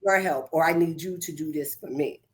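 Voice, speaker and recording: Earnest, low-voiced woman host. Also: fairly quick. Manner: earnest, encouraging. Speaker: podcast host. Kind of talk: casual chat.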